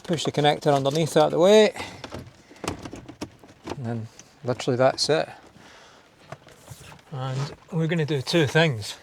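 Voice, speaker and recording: Unhurried and pausing often, a Scottish car DIY host with a voice on the high side talks casually while working inside a parked car. He jokes at his own expense and thinks aloud through the install walkthrough, with background noise present.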